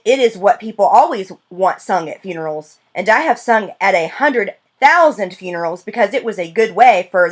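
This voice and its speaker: Woman reading a storybook aloud. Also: medium pitch. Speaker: audiobook narrator. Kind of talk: storybook narration.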